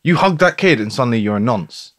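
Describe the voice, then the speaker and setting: A man's voice: mid-range voice, expressive, a little fast, dry recording, studio quality. A man hosting a podcast, talking in a blunt, chatty, colloquial way in casual conversation. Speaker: podcast host.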